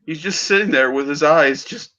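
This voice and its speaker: A man's voice: on the high side, moderate pace, sharp tone, lo-fi sound. A man hosting a movie podcast, eagerly retelling film scenes in casual review chat.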